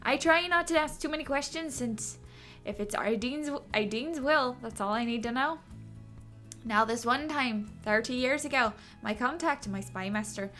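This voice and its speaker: A woman's voice: fairly high pitch, normal speed, pushed and bright, soft background music. A woman voicing an older male sea captain with a put-on accent, telling a story and stumbling over long words. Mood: reminiscing.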